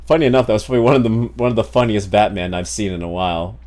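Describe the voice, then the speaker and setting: A man's voice: fairly low pitch, steady tone, very fast, a little mellow. A man streaming a game, chatting casually and joking, rambling with many fillers. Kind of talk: casual live-stream chat.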